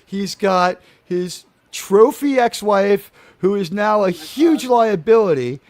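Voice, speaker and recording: A man hosting a casual comedic talk show, animated and rambling, with many restarts. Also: high voice, slow pace, no echo.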